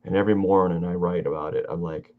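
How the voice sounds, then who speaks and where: A tired, yawning man chatting casually while he draws on a live stream, rambling and halting with many fillers. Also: low-pitched, fairly even intonation, phone-quality sound. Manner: meandering, halting, self-talk with fillers. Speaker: artist streaming his drawing.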